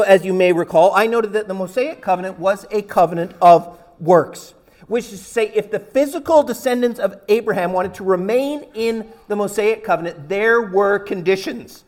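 Man preaching, high voice, explains words step by step, asks rhetorical questions. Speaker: pastor. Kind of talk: expository sermon.

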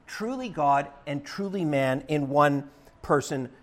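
A man's voice: a little high, animated, slow pace. A man preaching a sermon as pastor in a church, in an emphatic, conversational way with rising stresses. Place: church sanctuary.

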